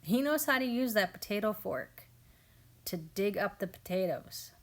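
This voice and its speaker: A woman in her thirties talks over her family's garden footage in an easygoing, chatty voice. She sounds amused and warm toward her kids and often drops into their lines as she tells it. Her pitch sits in an ordinary middle range. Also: expressive, normal speed. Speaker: family homestead vlogger. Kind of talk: casual voice-over narration of garden video.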